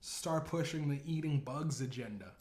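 A man voicing a grizzled, older male conspiracy official with a scar, who briefs a meeting in a slow, deliberate way. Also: fairly high pitch, darkish tone, lightly acted. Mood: briefing. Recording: roomy echo.

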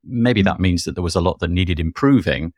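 An enthusiastic man hosts a casual tech news podcast, his voice sitting fairly low. He rambles eagerly from item to item. The sound is dry and close. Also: lively intonation, brisk, no room sound. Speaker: podcast host.

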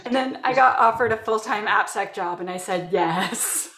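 A woman's voice: medium pitch, normal speed, reverberant. A woman from Canada, a security professional, telling work stories in an interview and acting out quotes from colleagues. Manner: animated storyteller, acts out quotes. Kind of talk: conversational interview.

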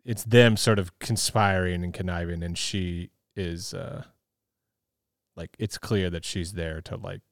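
Smooth low-voiced man explaining calmly. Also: measured pace, no echo, clean studio sound. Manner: thoughtful, explanatory, hedging. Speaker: podcast co-host. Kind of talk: casual movie chat.

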